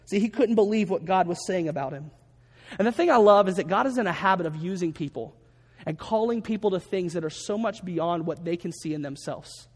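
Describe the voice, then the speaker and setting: A pastor with a high, breathy-edged voice preaches briskly, narrating a story and performing the voices of its people. Long reverb hangs over the recording.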